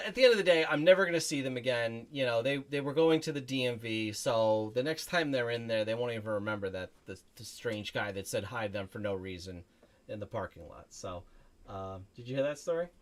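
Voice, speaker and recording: A man's voice: medium pitch, animated, fairly quick. A middle-aged man hosting a game livestream from home, chatting casually and telling a self-deprecating story, acting out what people said. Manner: rambling, self-deprecating storytelling with acted-out quotes; drops to a soft murmur when talking to a child. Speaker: livestream gaming host. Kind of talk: casual chat to stream viewers. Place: home room.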